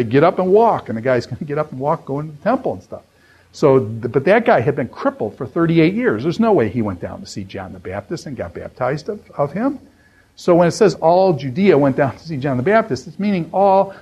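A man's voice: medium pitch, darkish tone, breathy edge. A man teaching a college Bible class in a loose, conversational way, repeating phrases and using fillers. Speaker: Bible professor. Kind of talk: classroom lecture.

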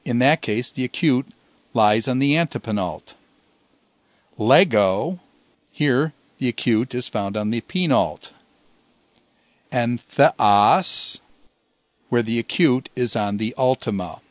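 A man teaching a recorded language lesson, patiently slowing down to sound out example words syllable by syllable. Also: medium pitch, no room sound.

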